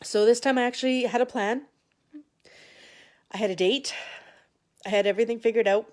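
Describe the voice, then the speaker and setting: A woman vlogger sharing a personal story straight to camera. She talks in a halting way, with frequent restarts and long pauses, and sounds emotional and close to tears. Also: on the high side, a little mellow. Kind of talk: personal confessional talk to camera.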